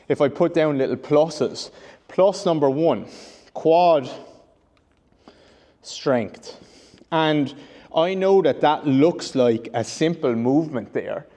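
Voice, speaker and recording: A man's voice: mid-range voice, a little mellow. A male rehab coach giving an instructional demonstration, explaining step by step and correcting himself as he goes. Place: training room with a whiteboard. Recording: long reverb in a large room.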